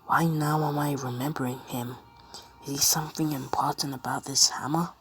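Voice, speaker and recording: A woman's voice: a bass voice, steady tone, normal speed, a bit bright. A woman voicing an earnest, shy teenage boy who thinks aloud in a fan-made story.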